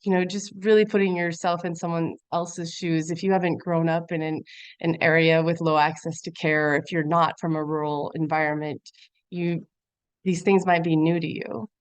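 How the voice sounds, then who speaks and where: A woman's voice: lowish voice, flat delivery, moderate pace, smooth, no room sound. A woman giving a conversational webinar presentation over a video call, earnest and filler-heavy. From Montana. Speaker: guest presenter.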